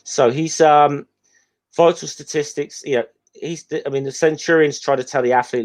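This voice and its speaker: A man co-hosting a relaxed commentary chat about a film. He talks in a mid-range voice, circling his points with frequent ums and restarts. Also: medium pitch, normal speed. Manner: hesitant, rambling, full of ums. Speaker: podcast co-host.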